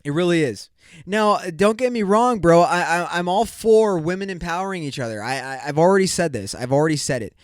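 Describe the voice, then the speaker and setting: Casting: podcast host, man, slightly high voice, blunt cussing rant, dry close sound. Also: animated, brisk, dry recording. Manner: profane, blunt, ranting. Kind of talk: casual rant.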